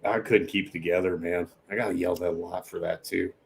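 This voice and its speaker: A man's voice: low voice, fairly even intonation, fairly quick, vocal fry, a little hiss or hum. A man from Nebraska, a Marine veteran guest, telling boot camp stories in a laid-back, profane, laughing way. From Nebraska, United States. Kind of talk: casual podcast chat.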